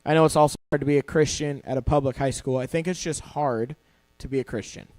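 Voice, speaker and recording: A man's voice: mid-range voice, steady tone, fast talker, darkish tone, dry recording. A young man giving a youth sermon, a casual, joking storyteller who acts out quotes as he goes. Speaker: youth pastor. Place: church youth service hall.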